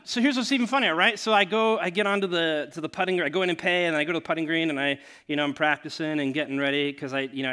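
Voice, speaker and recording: Male pastor, bright tone, slightly high voice, halting speech full of fillers, church sermon. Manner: hesitant, many fillers and restarts; grows animated and laughing while telling a story. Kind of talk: sermon with storytelling.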